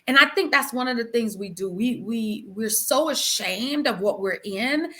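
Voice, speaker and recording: A woman guest telling the story of her marriage with animation and feeling, calling her listener "girl" and dropping to hushed tones at solemn moments. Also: fairly high pitch, moderate pace. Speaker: guest sharing her testimony. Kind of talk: emotional personal storytelling.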